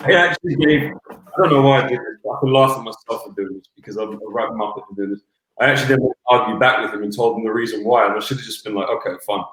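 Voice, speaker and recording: Rambling commentator in a roomy echo. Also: male voice, mid-range voice. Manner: earnest, rambling storyteller. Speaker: basketball commentator, guest. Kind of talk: casual interview chat.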